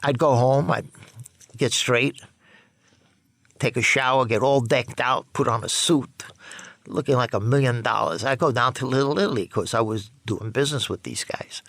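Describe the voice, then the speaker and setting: A man with a gravelly, creaky voice tells his story bluntly and profanely. He jumps into the voices of the people he quotes, and the sound is dry and close. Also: mid-range voice, moderate pace, a bit bright, no echo. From New York. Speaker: storyteller recounting his past. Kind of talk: candid spoken memoir.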